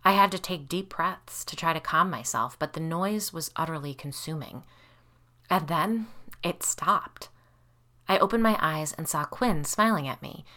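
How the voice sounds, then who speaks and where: Bright-voiced woman narrating a story. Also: sits low, a little slow. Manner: expressive, lively storytelling with voiced dialogue. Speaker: audiobook narrator. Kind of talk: scripted first-person narration.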